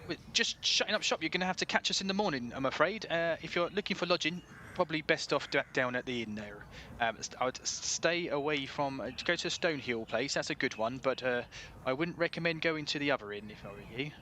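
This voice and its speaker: A man's voice: fairly high pitch, fast, few pauses, bright, forceful tone. Older male shopkeeper with a West Country accent, chatty and kindly, voiced by a man, light hiss behind. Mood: apologetic. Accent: West Country English. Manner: chatty, apologetic, rambling.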